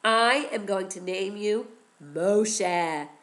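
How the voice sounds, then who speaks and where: Sweet young princess in a kids story, soft and slow, a teacher doing her voice. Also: medium pitch. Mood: tender. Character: kind young Egyptian princess, gentle and warm.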